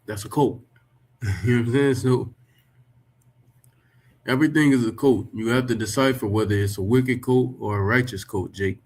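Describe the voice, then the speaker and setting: A man's voice: fairly low pitch, a little mellow. A man rebutting a text he reads aloud, talking emphatically, swearing freely and firing off rhetorical questions. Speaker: religious commentator. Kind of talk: reacting to and rebutting a written text.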